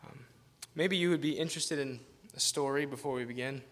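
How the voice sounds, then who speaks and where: A man's voice: mid-range voice, a little fast, a bit bright. A man preaching as a guest pastor, telling a rambling, self-deprecating story in a casual manner and laughing often. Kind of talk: informal sermon with storytelling.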